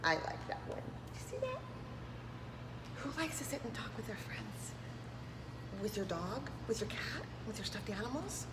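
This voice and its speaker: A woman's voice: fairly high pitch, normal speed, long pauses, very noisy. A woman reading a picture book aloud to preschoolers, enthusiastic and doing voices. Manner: animated, enthusiastic, does voices. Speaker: preschool storyteller. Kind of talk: children's read-aloud. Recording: echoey room with long reverb.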